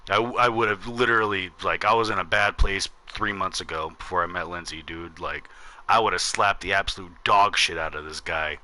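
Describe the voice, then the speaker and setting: Dude with a low but really sharp bright voice, rambling cussing story, game music faint behind. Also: male voice, steady tone, moderate pace. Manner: rambling, profane, with lots of fillers and acted quotes. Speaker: gaming channel host. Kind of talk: casual storytelling while gaming.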